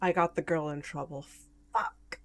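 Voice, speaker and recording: A woman's voice: low voice, fairly even intonation, moderate pace. A young woman streaming a game, chatting and rambling, with frequent swearing. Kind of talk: let's play commentary.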